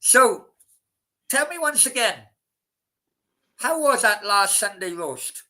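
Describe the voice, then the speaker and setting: A man's voice: sits high, very animated, takes it slowly, sharp tone. A man hosting a casual live stream, rambling, swearing freely and talking straight to his chat. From Wales.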